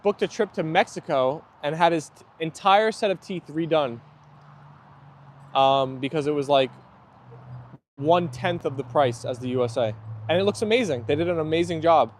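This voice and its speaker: High-voiced young man chatting on a livestream. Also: normal speed, pauses often, slight background noise. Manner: chatty and easygoing, laughs often. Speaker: livestream host. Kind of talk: casual live chat reading viewer comments. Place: outdoors, playing with dogs.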